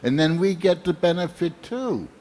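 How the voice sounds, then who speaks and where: A man's voice: high voice, sing-song, normal speed, darkish tone. An older man giving a sermon at a temple program, speaking in a reflective, storytelling way.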